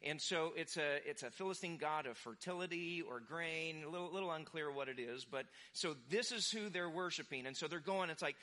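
Young male pastor, bright and forceful sermon voice, casual storyteller. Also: on the high side, brisk, few pauses. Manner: animated, acts out quoted voices.

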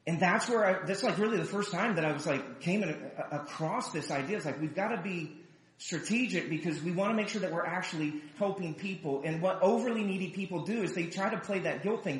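A man preaching a sermon, telling a story in a chatty, animated way and acting out the people in it. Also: sits high, fairly quick. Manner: animated, chatty storyteller who acts out quotes. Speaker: pastor. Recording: roomy echo.

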